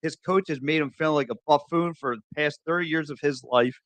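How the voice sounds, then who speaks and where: A man co-hosting a casual sports podcast, talking in a halting way with restarts. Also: a little high, fairly bright tone, dry recording. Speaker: podcast co-host.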